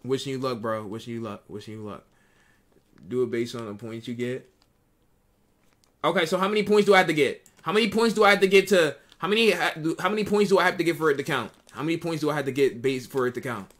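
A man's voice: mid-range voice, fast, a bit bright. A young adult man streaming live, giving casual, profane commentary and repeating himself a lot as he talks to his chat.

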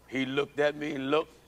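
A man preaching a sermon as pastor, animated and storytelling. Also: slight background noise. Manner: animated preaching, acts out childhood prayers in high cries.

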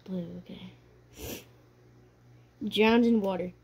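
A woman's voice: medium pitch, steady tone, slow, dull audio, a little hiss or hum. A woman hosting her own channel, chatting casually while laughing and crying at once, tearful and sniffly. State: tearful, runny nose. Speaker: channel host. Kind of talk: casual chat.

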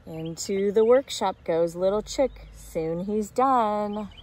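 A woman teacher reading a picture book aloud to preschoolers, gently explaining and asking them questions. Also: medium pitch, takes it slowly. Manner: asks young listeners questions, explains gently.

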